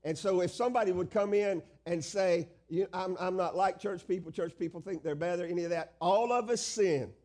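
Emphatic preaching man with a mellow voice. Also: sits high. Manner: emphatic preaching, drawn-out phrases, asks the congregation questions. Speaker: pastor. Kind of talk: sermon.

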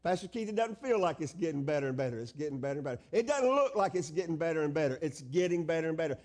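A man's voice: a little high, sing-song, rapid-fire, few pauses, darkish tone. A male pastor preaching a sermon, stretching out key phrases and asking the congregation questions.

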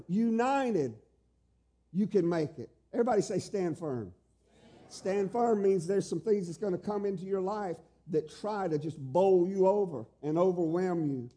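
A middle-aged male pastor preaching a sermon, emphatic, with loud pleading peaks that soften to quiet tenderness. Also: high voice.

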